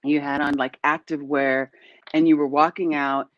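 A woman hosting an interview over a video call, telling stories in a lively way and laughing often. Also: low-pitched, normal speed, highs cut off. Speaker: host.

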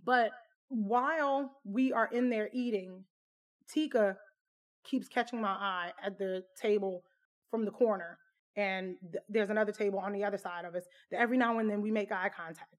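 A woman's voice: mid-range voice, moderate pace. A woman casually telling a personal story to camera, candid and conversational. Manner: candid, conversational, full of fillers.

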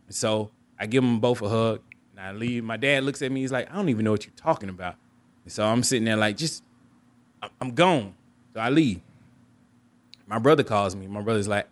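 A young man with a low-pitched voice tells a personal story on his podcast in a candid, reflective way. He often repeats and restarts his words. He jumps up in pitch to act out his relatives. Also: fairly quick, no room sound. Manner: candid, reflective, acts out quoted family members with raised pitch. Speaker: podcast host.

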